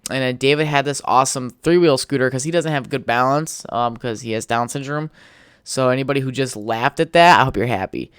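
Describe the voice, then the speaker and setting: A man's voice: medium pitch, a little fast, fairly bright tone, clear, resonant tone, no room sound, studio quality. A tired young man hosting a podcast on his own, telling stories in a rambling, laid-back way with lots of swearing. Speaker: podcast host. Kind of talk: casual solo storytelling. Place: home setup with a podcast mic.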